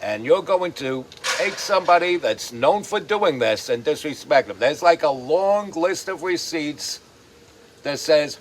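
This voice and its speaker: Slow-talking sarcastic male commentary host. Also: fairly high pitch, animated. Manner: sarcastic, profane, mocking. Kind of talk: ranting commentary.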